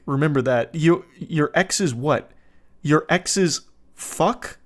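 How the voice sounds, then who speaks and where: A man giving comedic commentary on text messages in a sardonic, incredulous tone. His voice sits a bit high for a man. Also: slow.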